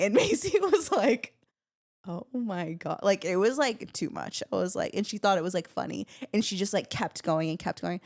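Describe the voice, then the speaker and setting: A woman in her twenties tells a family story in casual podcast chat, acting out the other people's lines as she goes. Her voice sits in a middle register and the sound is dry and close. She talks in a lively, expressive way. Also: mid-range voice, a little fast, dry recording. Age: 20s. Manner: animated storytelling, acts out quotes. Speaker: podcast co-host.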